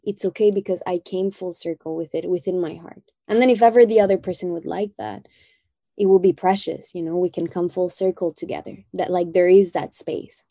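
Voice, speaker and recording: A woman's voice: on the low side, dark tone, no echo. A woman talking as a podcast guest, reflective and heartfelt, often adding "you know". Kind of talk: reflective conversation.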